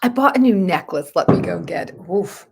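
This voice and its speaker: A woman's voice: lowish voice, lively intonation, moderate pace, gravelly, a little hiss or hum. A woman who practices Reiki, chatting casually on a livestream at home at night and cooing to her dogs in baby talk.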